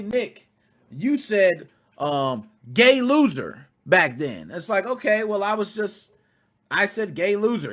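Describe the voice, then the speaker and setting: A male podcast host in his thirties with a high voice that swings widely in pitch. He talks in a loose, unscripted way, dropping to quiet asides and then climbing into loud, excited outbursts, with plenty of swearing. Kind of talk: casual commentary podcast.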